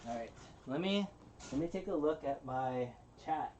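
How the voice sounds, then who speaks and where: A man hosting a casual live-stream unboxing, talking in a relaxed, rambling way with plenty of fillers and restarts. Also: fairly high pitch, moderate pace, heavy background noise. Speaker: channel host.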